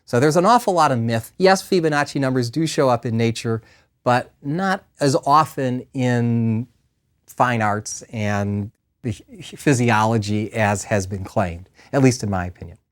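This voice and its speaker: A man's voice: medium pitch, unhurried. A middle-aged man giving a recorded math lecture as a professor, playful and enthusiastic. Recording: compressed 2000s DVD lecture audio.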